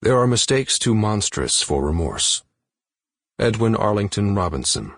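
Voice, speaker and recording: A man narrating an unabridged thriller audiobook in a measured, steady reading voice. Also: lowish voice, dry recording, studio quality.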